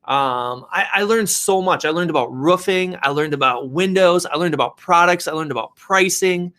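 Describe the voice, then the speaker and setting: Animated man telling a personal story. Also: a little high, moderate pace. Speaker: real estate agent and developer.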